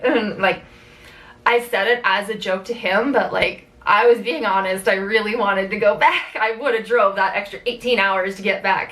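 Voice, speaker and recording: A young Canadian woman telling a road-trip story in a casual vlog, animated, swearing freely and acting out what people said. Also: normal speed, far from the mic, low-quality recording. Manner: animated, swearing, acts out quotes with big pitch jumps. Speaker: vlogger.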